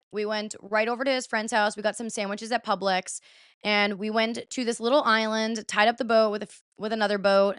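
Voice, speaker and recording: A young woman in her twenties hosts a podcast, telling her listeners a story in a loose, chatty way, swearing freely and saying "like" constantly. Her smooth, clear voice is a bit bright and at a middling pitch. It's recorded close and dry, with no room sound.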